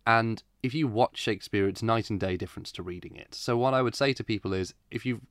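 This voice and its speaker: A man's voice: on the low side, quick pace, no room sound, studio quality. A middle-aged British man, a theatre director, chatting as a guest in a radio interview and laughing now and then. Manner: chatty, laughs often, restarts.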